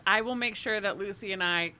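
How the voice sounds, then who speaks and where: A woman's voice: mid-range voice, fairly quick, pushed and bright. A woman co-hosting a podcast, telling a travel story in casual chat, laughing often and swearing freely. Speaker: podcast co-host.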